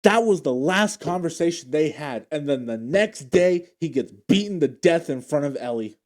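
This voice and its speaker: A man's voice: a little high, animated, moderate pace, a little mellow. A man recapping TV episodes in a casual, emotional way, often restarting his sentences as he retells scenes. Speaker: show recap vlogger. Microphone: handheld or desk mic he adjusts.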